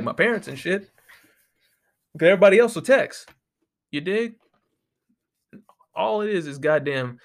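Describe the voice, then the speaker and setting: Male podcast host, slightly higher voice, close-miked, cussing and ranting in an animated way. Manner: profane, animated, exasperated. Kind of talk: casual ranting monologue. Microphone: close to the microphone.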